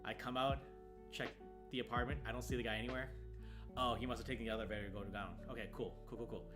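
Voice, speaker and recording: Animated male storyteller over music. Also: medium pitch, fast talker. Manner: animated, acts out the other people's lines in his story. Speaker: streamer telling a moving-day story. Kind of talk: casual storytelling chat. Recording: music playing clearly behind.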